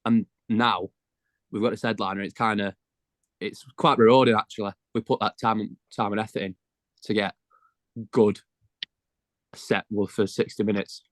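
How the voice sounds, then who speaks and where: A man's voice: lowish voice, steady tone, moderate pace, long pauses, no echo. A teenage man, a band member telling stories in slangy, casual chat. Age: teens. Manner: chatty storyteller, slangy.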